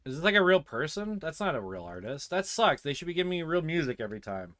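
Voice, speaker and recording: A man streaming a video game, chatting casually and muttering to himself between loud outbursts. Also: fairly high pitch, big pitch swings, fast, no room sound, studio quality. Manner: swears and laughs loudly at game moments, mutters otherwise. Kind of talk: casual gameplay commentary.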